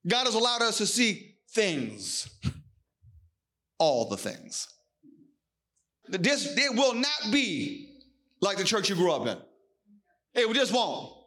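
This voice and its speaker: A male pastor delivering a sermon to a live congregation in a church, preaching emphatically and breaking into shouts. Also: high-pitched, very animated, slow pace, pauses often.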